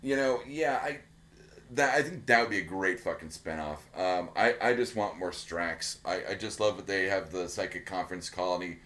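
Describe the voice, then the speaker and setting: A man with a somewhat low voice, talking on a casual podcast. He gushes, swears freely and trips over his own sentences as he goes. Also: moderate pace, bright, forceful tone. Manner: enthusiastic, swears a lot, many restarts. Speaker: podcast co-host. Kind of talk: casual chat.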